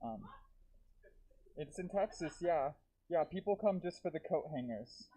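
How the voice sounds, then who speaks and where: A man performing a live stand-up set with dark, deadpan jokes and self-aware asides to the audience, talking through a deer mask. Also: a little high, unhurried, poor audio. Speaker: stand-up comedian. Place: comedy theater stage.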